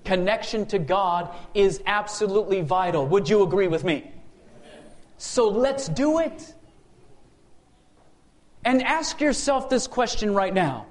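A man's voice: high-pitched, expressive, measured pace, pauses often. A man preaching a sermon in a church sanctuary, asking the congregation rhetorical questions and calling for amens.

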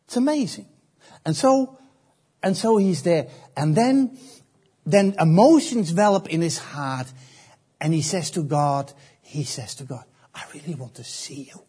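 A man preaching a sermon, slow and emphatic, often repeating phrases and pausing. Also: on the high side, lively intonation, dark tone, husky.

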